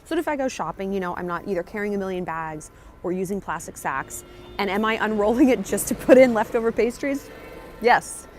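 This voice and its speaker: A woman talking to camera in a casual travel vlog, chatty, excitable and jokey, recorded outdoors on a handheld camera. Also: medium pitch, fairly quick, soft background music. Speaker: travel vlogger. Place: outdoors on a café patio and in city streets.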